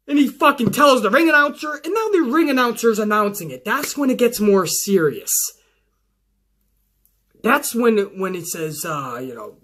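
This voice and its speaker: A man hosting a show, recapping wrestling in an excitable, heavily profane casual way. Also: extremely high pitch, normal speed.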